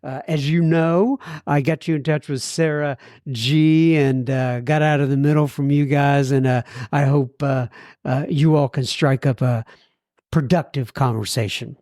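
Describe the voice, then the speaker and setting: A man's voice: mid-range voice, steady tone, a little slow, a little mellow, dry recording, clean studio sound. A man hosting a recovery podcast, reading listener mail in a folksy, self-deprecating way. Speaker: podcast host.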